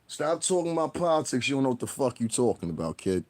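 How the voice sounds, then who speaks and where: A man's voice: medium pitch, sing-song, fast, darkish tone. A male livestreamer with a mid-range voice, talking in a loose, rambling rant to his chat. He is blunt and combative and swears constantly. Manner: blunt, combative, heavy cursing; rambling, talks straight to viewers. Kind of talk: profane live-stream rant.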